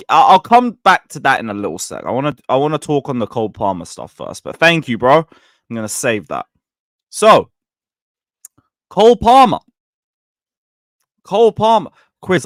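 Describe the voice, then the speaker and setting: Young streamer, animated and sweary; lively pitch, dry close sound. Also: male voice, no room sound. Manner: animated, mocking, swears freely, swings between loud and muttered. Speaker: football channel host. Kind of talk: casual livestream rant.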